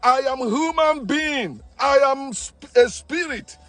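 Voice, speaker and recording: A man with a high voice preaches his point hard, hammering the same phrases over and over and restarting mid-sentence. Faint music plays underneath him. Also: animated, takes it slowly, no echo. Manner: forceful, preachy, repeats himself, stumbles and restarts. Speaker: online commentator. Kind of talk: impassioned monologue.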